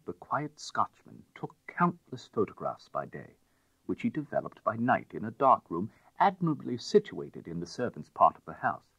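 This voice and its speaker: A man narrating a classic tale as an audiobook in a measured, expressive way. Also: medium pitch, breathy edge, no room sound, highs cut off.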